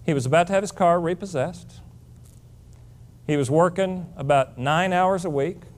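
A man's voice: on the high side, normal speed. A middle-aged man giving a motivational speech, blunt and emphatic, lecturing his listeners. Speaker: motivational speaker.

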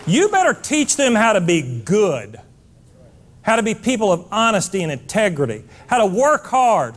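Middle-aged male speaker, emphatic live talk, pitch on the high side, very animated delivery. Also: moderate pace. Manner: emphatic, preachy, rising to near-shouts. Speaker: motivational speaker.

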